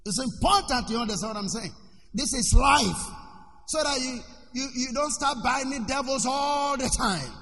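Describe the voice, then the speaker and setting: High, bright-voiced preacher man. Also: animated, normal speed, big-room sound. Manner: preaching with shouts and call-and-response. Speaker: pastor. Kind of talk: sermon.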